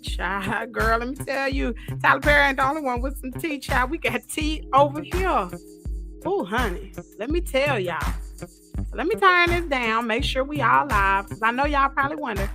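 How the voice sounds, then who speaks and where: A woman hosting her livestream from a downstairs home office, telling a story in a lively, gossipy way. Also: high-pitched, normal speed, creaky, faint music behind. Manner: animated, gossipy Southern-style storytelling. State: coughing from bug spray fumes. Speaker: livestream host. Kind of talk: casual livestream chat. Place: her home's downstairs office, in front of a green screen.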